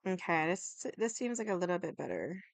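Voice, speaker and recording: A young woman livestreaming in casual chat, hoarse from yelling and rambling with lots of "like". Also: fairly low pitch, big pitch swings, a little fast, dry recording. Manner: rambling, heavy use of "like".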